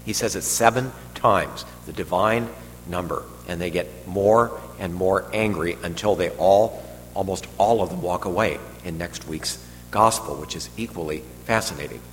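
A man's voice: low-pitched, normal speed. A man, a priest, giving a conversational, digressive homily with joking asides. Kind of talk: sermon. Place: church hall. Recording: long hall reverb, faint hum.

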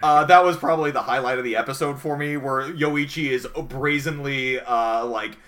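A man's voice: mid-range voice, moderate pace, a bit bright. A man co-hosting a casual review podcast, talking in a rambling, hesitant way with many fillers. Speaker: podcast co-host. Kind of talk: casual anime review chat.

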